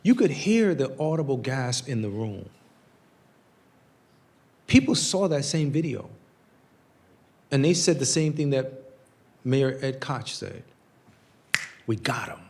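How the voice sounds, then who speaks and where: A man in his forties from the United States appears as a guest at a public talk, speaking in a mid-range, darkish voice. He's slow and very animated, pausing often as he earnestly tells stories and acts out quotes.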